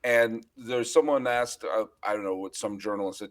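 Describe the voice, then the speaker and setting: A man hosting a casual sports podcast, chatting in an animated, storytelling way. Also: lowish voice, moderate pace. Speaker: podcast host.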